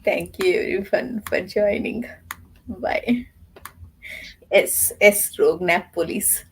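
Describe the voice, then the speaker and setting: A woman's voice: medium pitch, slow, crowd noise, low-quality recording. A tired woman hosting a reading live stream, chatting casually and often half-whispering.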